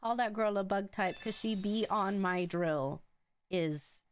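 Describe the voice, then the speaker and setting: A young woman streaming a card game, chatting casually in an animated way and laughing often. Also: medium pitch, measured pace, smooth. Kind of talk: casual chat while playing a card game.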